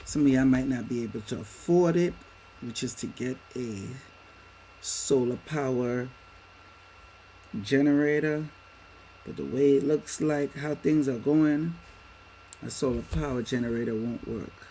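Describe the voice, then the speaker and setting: Speaking unhurriedly with long pauses, a man with a warm, medium-pitched voice hosts a livestream from home in front of a green screen. He delivers emphatic commentary, calls his audience "y'all," and keeps asking rhetorical questions. There's slight background noise and the recording quality is low.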